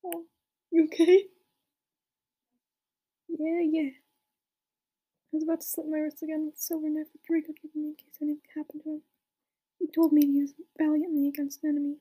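A woman giving a comic, mock-serious dramatic reading, with deadpan asides between the passages. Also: high voice. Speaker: reader.

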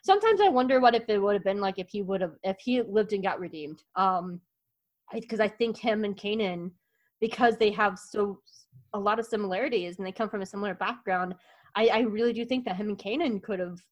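This is a woman hosting a podcast in a loose, casual chat, sitting at a middle pitch. She gushes with enthusiasm and rambles, circling back with restarts and fillers like "like" and "um.". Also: a little fast, rough recording. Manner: gushing, rambling with many restarts. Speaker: podcast host.

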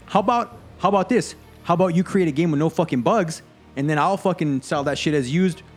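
Homem irritado xingando num podcast de games. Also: male voice, on the high side, brisk, soft background music. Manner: heated, profane ranting. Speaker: podcast co-host. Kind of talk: casual gaming podcast chat.

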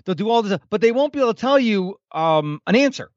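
A man's voice: sits high, lively intonation, very fast, few pauses, no room sound, highs cut off. A man in his fifties, a podcast guest, talking animatedly in a casual interview and acting out the people he quotes. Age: 50s.

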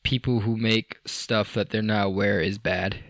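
A man's voice: lowish voice, steady tone, a little slow, no echo, studio quality. A young man co-hosting a casual podcast, rambling and joking with lots of fillers, restarts and swearing. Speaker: podcast co-host. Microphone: studio microphone.

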